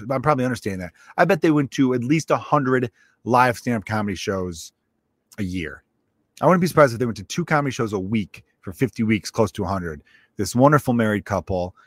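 Rambling, profane comedian, dry close sound. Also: male voice, mid-range voice, fairly bright tone, no room sound. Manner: loose, rambling and profane, with frequent restarts. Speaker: stand-up comedian. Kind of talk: casual solo podcast monologue.

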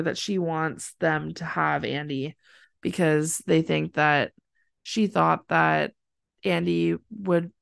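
A woman co-hosting a podcast, recapping a TV episode in a soft, hesitant way with many fillers. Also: deep voice, vocal fry, no room sound, studio quality. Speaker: podcast co-host. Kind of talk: casual chat recapping a TV episode.

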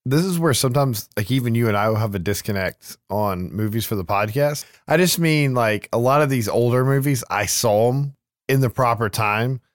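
A man's voice: mid-range voice, normal speed, dry recording, studio quality. A man co-hosting a podcast, chatting casually, reflecting on films and asking his partner questions. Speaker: podcast co-host. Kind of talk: casual chat.

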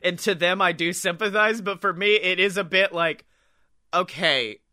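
Young man, casual co-host, bright ringing voice, fairly high, jokey with quick impressions. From Alabama, US. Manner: joking, does quick impressions, swears. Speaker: podcast co-host. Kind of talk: casual chat.

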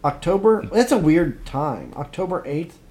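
A man co-hosting a casual podcast about upcoming movies, excitable, swinging from quiet asides to loud outbursts. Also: a little high, unhurried. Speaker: podcast co-host.

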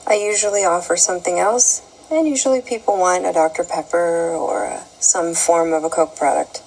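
A woman reads her own story aloud in a wry, amused tone. Her voice sits low and husky, with a gravelly fry. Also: moderate pace, darkish tone, low-quality recording. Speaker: flight attendant sending in a story. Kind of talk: reading a written anecdote.

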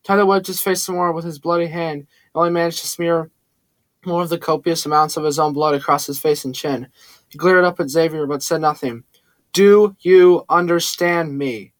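A man's voice: on the high side, fairly even intonation, fairly quick, a bit bright, dry recording. Male audiobook narrator, dry sound. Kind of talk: first-person audiobook narration.

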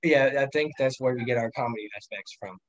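A man's voice: mid-range voice, quick pace, no echo, dull audio. A young man casually telling rambling, profane stories on a podcast, laughing often as he talks. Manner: rambling storyteller, laughs a lot, lots of swearing. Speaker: podcast guest. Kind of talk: casual chat.

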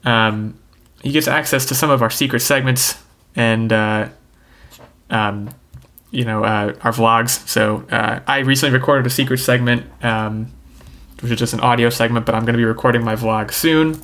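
A man's voice: mid-range voice, steady tone, normal speed, a bit bright. A man hosting a podcast, chatting casually in an easygoing, jokey way with lots of hesitation sounds. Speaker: podcast host.

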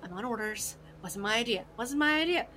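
A woman's voice: a little high, expressive, pushed and bright, a little hiss or hum, rough recording. A woman doing a panicky, swearing elf thief. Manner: rapid, babbling, swearing. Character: panicky young male elf thief, cursing.

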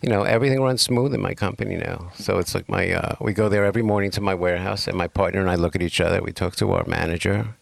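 A man's voice: deep voice, fairly even intonation, fast talker, gravelly, few pauses, no echo. A man talking as a podcast guest, laid-back and plain-spoken, chuckling often. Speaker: podcast guest, business owner. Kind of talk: casual chat.

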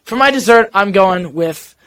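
High-voiced young man hosting a sports podcast. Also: lively intonation, normal speed, a bit bright, dry recording. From Italian-American family. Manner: runs the segment, teasing. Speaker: podcast host. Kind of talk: casual sports chat.

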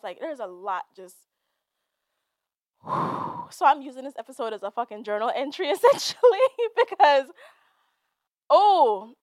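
A young woman with a slightly high voice hosts her own podcast in a loose, unscripted monologue. She swears freely and slips between laughter and tears as she talks. The recording is close and dry, with almost no room sound. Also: dry recording. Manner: candid, profane, laughing and emotional. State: teary, laughing through tears. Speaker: podcast host. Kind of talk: casual monologue.

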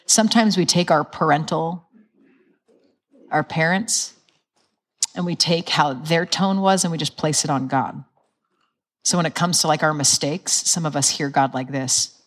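A woman preaching in a chatty, animated style, with a voice that sits a little low. She laughs easily and slips into the voices of the people she quotes. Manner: conversational, animated, laughs often, acts out quotes. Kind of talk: sermon.

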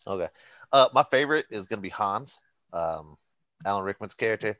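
A man's voice: on the low side, expressive, a little fast, a bit bright, no room sound. A man chatting casually about his favorite movie characters, laid-back and swearing, laughing at his own jokes. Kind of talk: casual chat, movie review.

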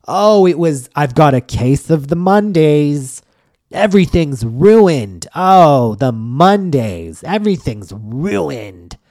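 A man's voice: on the high side, big pitch swings, darkish tone, dry recording, clean studio sound, pitched above the performer's own voice, heavily acted. A man doing a whiny self-pitying guy. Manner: whiny, drawn-out moaning.

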